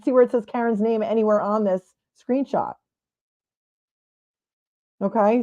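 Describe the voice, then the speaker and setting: A woman's voice: medium pitch, dark tone, lo-fi sound. A woman streaming live commentary on a court trial, with sarcastic, skeptical asides.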